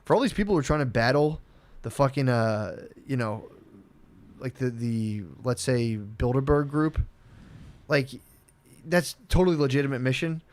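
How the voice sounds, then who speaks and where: A man co-hosting a podcast, rambling and swearing through animated casual chat. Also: mid-range voice, normal speed, a little hiss or hum. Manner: rambling, profane, animated storytelling. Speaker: podcast co-host.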